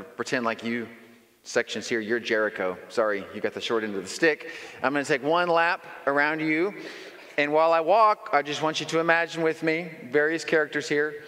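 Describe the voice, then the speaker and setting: A man preaching a sermon in a lively, conversational storytelling manner. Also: fairly high pitch. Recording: long reverb in a large hall.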